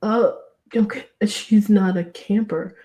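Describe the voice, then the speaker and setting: A woman's voice: mid-range voice, fairly even intonation, slow pace, warm tone, pitched above the performer's own voice, lightly acted. A woman voicing a polite, hesitant male teacher in a tabletop game. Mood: concerned. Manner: courteous, hesitant.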